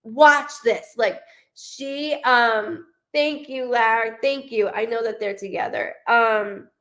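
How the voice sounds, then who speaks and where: Chatty woman medium, quick asides. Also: a little high, fairly even intonation, fairly bright tone. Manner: chatty, quick asides, quotes the spirit in first person. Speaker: psychic medium. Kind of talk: live medium reading.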